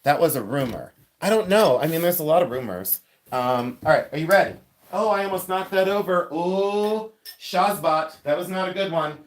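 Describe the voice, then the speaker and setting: A man from Ohio, a reseller and collector, chatting casually and rambling on a live stream, with many fillers and words spelled out slowly. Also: fairly high pitch, expressive.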